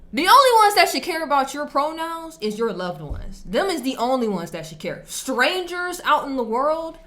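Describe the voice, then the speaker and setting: Lively, slangy young woman vlogger. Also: medium pitch. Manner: animated, slangy, emphatic. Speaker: vlogger reacting to online posts. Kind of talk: casual reaction commentary and storytelling.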